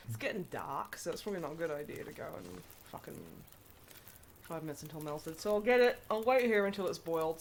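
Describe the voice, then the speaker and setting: A woman's voice: low voice, slight background noise. An Australian woman chatting casually and bluntly, with plenty of swearing, while livestreaming a game. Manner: blunt, sweary, quick to laugh. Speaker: streamer.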